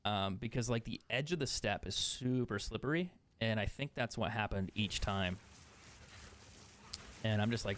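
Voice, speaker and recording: A man's voice: lowish voice, lively intonation, normal speed, a bit bright, slight background noise. A man streaming a video game, chatting casually, swearing often and laughing at himself. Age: adult. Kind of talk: casual chat while gaming.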